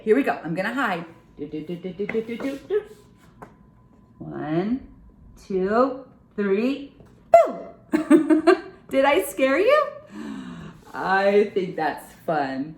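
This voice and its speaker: A young woman runs a children's storytime, reading a picture book aloud in a playful, sing-song way full of silly sounds. Her voice sits a little high and is very animated. The room is echoey, giving her a roomy sound.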